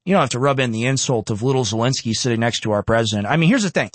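A man hosting a political reaction show who pauses clips to rant sarcastically. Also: mid-range voice, dry recording. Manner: sarcastic, ranting. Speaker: host.

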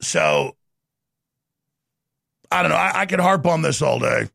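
Middle-aged man, sarcastic commentary host, lively swooping delivery, gravelly fry, bright tone. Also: fairly high pitch, unhurried, no room sound, studio quality. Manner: sarcastic, animated, jokey. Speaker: show host. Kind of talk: political commentary monologue.

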